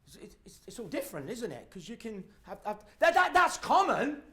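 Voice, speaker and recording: A middle-aged man, giving a live motivational talk and telling stories with acted-out voices and shouts. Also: very high voice, wildly swooping pitch, moderate pace. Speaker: motivational speaker.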